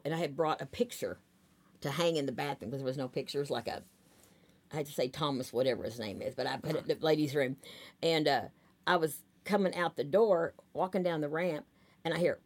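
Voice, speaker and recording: A woman with a drawl tells loose, rambling stories as a guest in a casual interview. Her voice sits low for a woman, and she leans on plenty of fillers as she goes. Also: fairly quick. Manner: chatty, rambling anecdotes with many fillers. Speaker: talent agent, guest.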